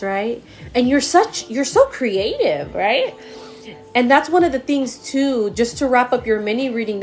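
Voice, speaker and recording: Emotional woman giving psychic readings. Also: a little high. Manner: emotional, gushing, repeats words and fillers. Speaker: psychic medium. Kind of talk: live-stream reading. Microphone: phone or computer mic on a live stream.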